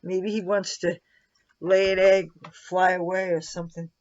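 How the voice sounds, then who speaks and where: A woman's voice: medium pitch, moderate pace, dull audio, slight background noise. A woman filming a makeup tutorial in her room at home, rambling and chatting fondly to her cat between steps. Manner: rambling, fond baby talk to her cat.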